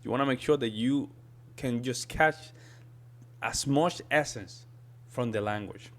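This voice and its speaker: A man from a Spanish-speaking country, Spanish being his first language, gives easygoing commentary while reacting to a video and frequently says "man." He talks unhurriedly in a medium-pitched, slightly bright voice.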